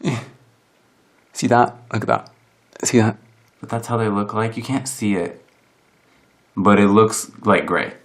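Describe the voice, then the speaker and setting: A man's voice: on the low side, unhurried, pauses often. A young man chatting through a casual makeup tutorial at home, rambling and mocking himself, filmed on a camera propped on a box. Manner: self-deprecating, rambling, full of "like". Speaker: vlogger. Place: room at home. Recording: roomy echo of a home room.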